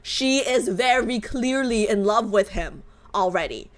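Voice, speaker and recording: A woman streaming a casual reaction chat with a fairly high voice. She talks in an animated, emphatic way, repeating words for stress. She swears freely. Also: a little slow.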